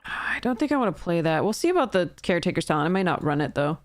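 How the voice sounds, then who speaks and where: A woman's voice: lowish voice, very animated, fast talker, no room sound, clean studio sound, soft background music. A woman streaming a card game draft, thinking aloud in casual commentary and laughing at her own mistakes.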